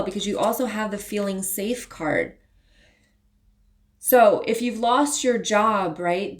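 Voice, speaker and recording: A woman doing a spiritual tarot reading, talking casually and earnestly to her viewers and sometimes pleading with them. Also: medium pitch. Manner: earnest, pleading, gets emotional at times. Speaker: tarot reader and spiritual channel.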